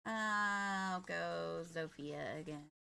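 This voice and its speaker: A woman's voice: lowish voice, drawn-out words, vocal fry, bright, forceful tone, clear, resonant tone. A woman chatting casually and rambling on a gaming livestream. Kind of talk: casual gaming stream chat.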